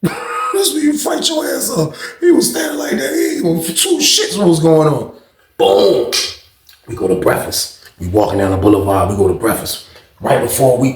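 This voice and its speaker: A man's voice: mid-range voice, gravelly, reverberant. A man telling a prison story casually and acting out the other people's lines. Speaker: storyteller host.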